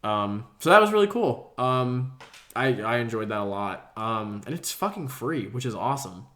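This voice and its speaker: A man's voice: medium pitch, sing-song, moderate pace, a bit bright. Rambling young man telling a story. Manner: rambling storyteller, swears casually; acts out quoted voices. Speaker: podcast co-host. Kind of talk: casual podcast chat.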